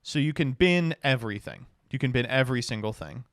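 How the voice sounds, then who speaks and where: A man's voice: mid-range voice, lively intonation, fairly quick, a bit bright, no echo. Male streamer, card review, reads rules text, mutters profanity, dry close sound. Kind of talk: casual card review commentary.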